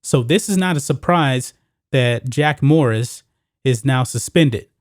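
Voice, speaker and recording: A man hosting a solo sports commentary show, talking emphatically and pushing his pitch up on the points he stresses. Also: measured pace, dry recording, studio quality.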